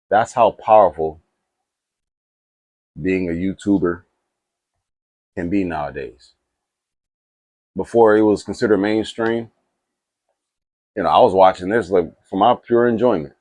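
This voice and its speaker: A man chatting casually to camera about movies, rambling with restarts and asides and getting excited. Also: low voice, unhurried, long pauses, dry recording. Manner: animated and excitable. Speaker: movie reaction YouTuber.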